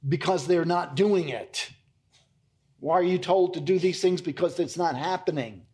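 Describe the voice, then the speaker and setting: A man's voice: on the high side, normal speed, darkish tone. Earnest man preaching. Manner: earnest, emphatic, addresses listeners as folks. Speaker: pastor. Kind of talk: expository sermon.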